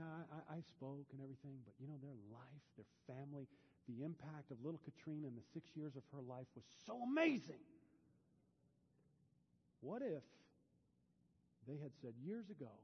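A pastor preaching a sermon in a church, dropping to a hush and then building to loud, fervent peaks. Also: male voice, a little high, animated, brisk, slight background noise. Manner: swings from hushed to loud and fervent. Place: church sanctuary. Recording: dull, long hall reverb.

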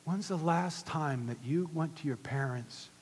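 A man preaching a sermon as pastor, swinging from loud emphatic lines to hushed whispers. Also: on the high side, unhurried, in a large hall, slight background noise.

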